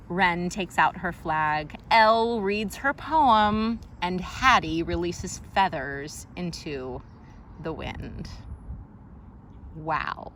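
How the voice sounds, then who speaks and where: A woman's voice: on the low side, noisy background. A woman teacher reading a picture book aloud to a young child, patiently explaining names of plants and birds and asking questions along the way. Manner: patient, answers a child's interruptions.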